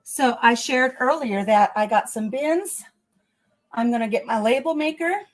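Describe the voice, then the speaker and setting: A woman hosting a livestream talks chattily with her audience as she clears out her kitchen refrigerator at home, a little breathless from the work. She speaks slightly slowly, in a fairly high voice.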